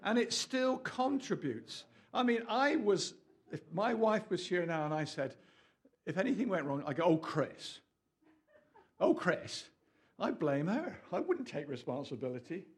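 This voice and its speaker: Animated man preaching to a small group. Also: sits high, moderate pace. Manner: animated, jokey, asides to the audience. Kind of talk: lively sermon to a small group.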